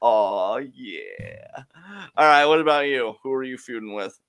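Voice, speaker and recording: A man's voice: medium pitch, wildly swooping pitch, measured pace, creaky, a bit bright, smooth. A young man co-hosting a casual podcast, joking and laughing often as he chats. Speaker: co-host.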